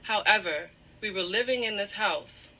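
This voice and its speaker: A woman with a bright, forceful voice recounts a painful story while close to tears. She keeps apologizing and steering herself back with "however" as she digresses. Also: medium pitch, normal speed. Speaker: guest telling her side of a breakup. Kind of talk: emotional personal storytelling.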